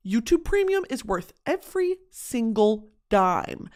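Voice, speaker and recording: A young woman hosts a podcast from her home studio, chatting casually and expressively, swearing often and mocking herself in exaggerated voices. Her voice is on the high side and her pace measured.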